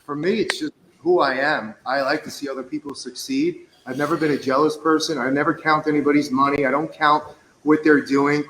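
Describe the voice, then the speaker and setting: A man's voice: fairly high pitch, fairly even intonation, fairly quick, a bit bright, a little hiss or hum. Candid man chatting in an echoey room. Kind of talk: casual chat.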